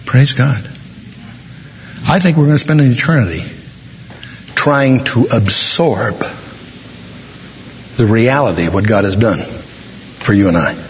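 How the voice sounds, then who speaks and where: A man's voice: mid-range voice, animated, a little hiss or hum. Preacher man in a reverberant hall. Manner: storytelling, dramatic slowdowns for emphasis. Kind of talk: sermon with a told joke. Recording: dull, reverberant hall recording.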